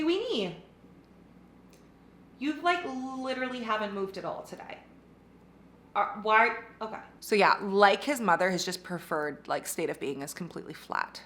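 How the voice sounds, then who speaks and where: A woman's voice: mid-range voice, fairly bright tone. A young woman chatting casually in a reading vlog at home, gushing about books, laughing often and swearing freely. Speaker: book vlogger. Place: home, bathroom while doing makeup.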